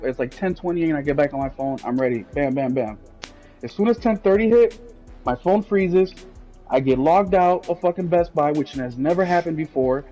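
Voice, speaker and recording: Man co-host with a higher voice who rants bluntly and swears a lot, on a dull-sounding podcast mic. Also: warm tone. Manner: ranting, blunt, swears freely. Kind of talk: casual gaming podcast chat.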